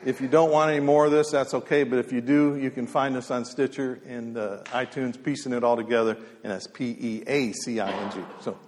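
A man telling folksy stories casually, with many fillers and restarts, in a halting, easygoing way. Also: mid-range voice, steady tone, a little mellow, a little hiss or hum. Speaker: storyteller speaker. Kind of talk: casual spoken storytelling. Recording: long hall reverb.

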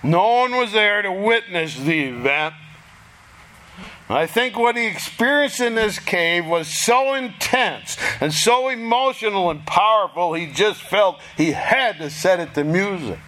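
A man preaching a sermon in a slow, deliberate way, pausing for effect and acting out prayers in a pleading voice. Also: sits high, lively intonation, bright, forceful tone. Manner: slow, deliberate delivery with dramatic pauses; acts out prayers in a raised, pleading voice.

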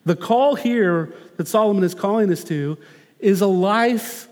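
A man preaching a sermon as pastor, earnest and measured, slowing down to stress key phrases. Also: high voice, darkish tone, in a large hall.

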